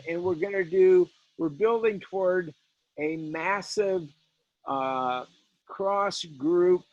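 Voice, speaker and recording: A man pitching a networking event on a video call, in a halting, hesitant delivery. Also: dry recording, dull audio.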